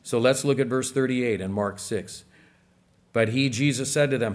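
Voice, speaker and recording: A man's voice: medium pitch, a little slow. A man preaching a sermon in a church, conversational and full of rhetorical questions to the congregation. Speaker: pastor.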